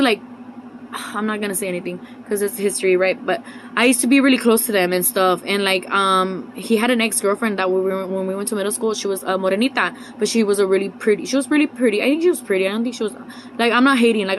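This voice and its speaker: Fast-talking young woman telling her story. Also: medium pitch, slight background noise, poor audio. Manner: rambling, filler-heavy, confiding; drops in Spanish words. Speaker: vlogger. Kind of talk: personal storytime vlog.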